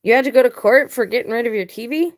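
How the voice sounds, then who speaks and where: A woman's voice: fairly high pitch, quick pace. A woman vlogging casual commentary to her viewers, blunt and emphatic, talking straight to the audience. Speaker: video blogger.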